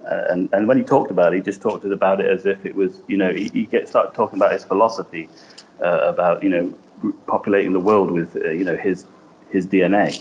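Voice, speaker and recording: Low-voiced man on a dull, hissy line. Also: fairly even intonation, fairly quick, darkish tone. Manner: rambling, hesitant, many fillers. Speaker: podcast co-host. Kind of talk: casual podcast chat. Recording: dull lo-fi remote line with faint hiss.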